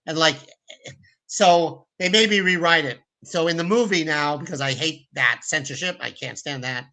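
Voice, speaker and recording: A man's voice: fairly high pitch, normal speed, low-quality recording. A man, a film director as a guest, telling stories in a casual interview, acting out quotes and often restarting his sentences. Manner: animated, acts out quotes in put-on voices, many restarts.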